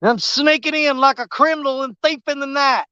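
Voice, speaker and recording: This man's very high, bright voice is forceful and fairly even in intonation, moving fairly quickly. He's a fishing vlogger on a riverbank giving casual, joking, folksy commentary that rambles, captured in a muffled recording with no echo.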